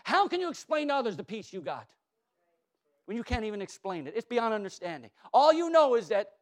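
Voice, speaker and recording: A man preaching a sermon, emphatic, calling out to his congregation and repeating words, often dropping to a soft, low tone. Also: big pitch swings, fairly quick. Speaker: pastor.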